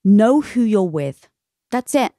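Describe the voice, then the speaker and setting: A middle-aged woman talking candidly as a podcast guest, emphatic and animated, often acting out quoted voices. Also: mid-range voice, takes it slowly, no room sound, studio quality. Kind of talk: candid interview talk.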